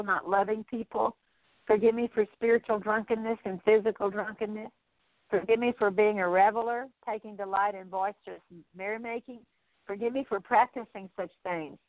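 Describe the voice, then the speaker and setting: A woman minister leading an earnest, repetitive prayer of repentance, pleading in a steady litany. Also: medium pitch, dry recording. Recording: dry, phone-like narrow sound.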